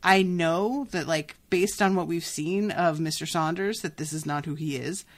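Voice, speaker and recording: A woman hosting a podcast, chatting casually and reacting to a book in an animated, exasperated way, swearing freely. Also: lowish voice, normal speed. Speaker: podcast host.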